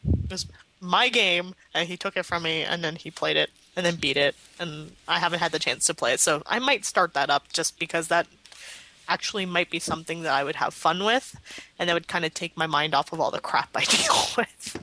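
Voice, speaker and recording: A young woman chats casually as a podcast co-host, rambling and laughing as she grumbles with mock drama. Her voice sits a little low but comes through bright and sharp. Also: brisk, rough recording. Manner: chatty, rambling, laughs often, dramatic complaints. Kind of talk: casual chat.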